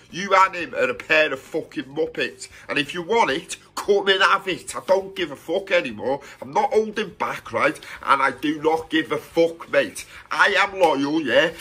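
A man's voice: fairly high pitch, bright, forceful tone, husky. A young man, a live streamer, angrily ranting to camera, swearing and confronting someone, repeating "do you know what I mean". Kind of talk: angry call-out rant to camera.

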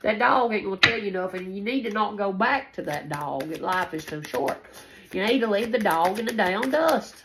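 On a rough recording, a tarot reader with a medium-pitched, slightly bright voice does a casual reading. She wanders, repeats herself, and swears a lot.

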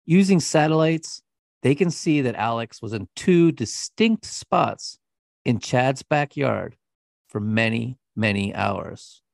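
A man's voice: mid-range voice, expressive, slow pace, gravelly, dry recording, studio quality. A man co-hosting a podcast, telling a true-crime story in a blunt, profane, scornful way. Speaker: podcast co-host.

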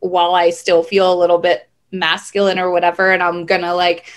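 A woman guest in a casual podcast chat, animated and quick to laugh, often quoting herself in lively asides. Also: lowish voice. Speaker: guest, nutritionist.

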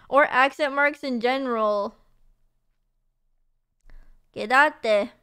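A woman's voice: high-pitched, very slow, pushed and bright, clean tone. A young woman streaming, chatting casually and reading messages, bubbly and gushing with lots of fillers and laughs.

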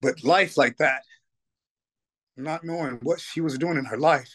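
A man's voice: a little high, measured pace, a bit bright. A middle-aged man, a band's singer, talking casually in an interview and telling heartfelt stories that move him close to tears. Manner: emotional storytelling, tearful at times, repeats "you know what I mean". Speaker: guest, metal band singer.

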